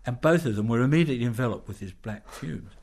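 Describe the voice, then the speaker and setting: An older Australian man, an interview guest, telling a long anecdote in a lively way and acting out the voices in it. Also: mid-range voice, quick pace, gravelly. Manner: lively storyteller who acts out quoted voices. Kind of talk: anecdotal storytelling.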